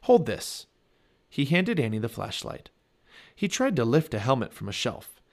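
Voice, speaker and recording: A man reading a children's chapter book aloud, with expressive storybook narration. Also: mid-range voice, normal speed, creaky. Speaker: family podcast reader.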